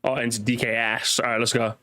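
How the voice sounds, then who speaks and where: Game music plays behind a young man who chats casually with his viewers while racing. His mid-range voice is fairly quick, and he gets excitable, swears, and repeats himself in bursts.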